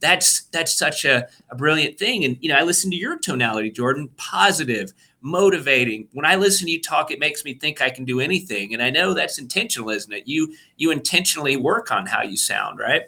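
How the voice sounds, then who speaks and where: A man co-hosting a podcast, chatting casually with quick enthusiasm and lots of fillers in a husky voice. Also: on the high side, animated, bright, forceful tone. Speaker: podcast co-host.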